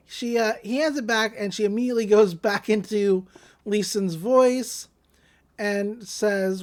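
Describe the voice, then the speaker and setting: A woman's voice: mid-range voice, lively intonation, darkish tone. Young woman acting out anime scenes. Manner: retells scenes with quick acted voices for each character. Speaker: podcast co-host. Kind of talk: casual recap of an anime episode.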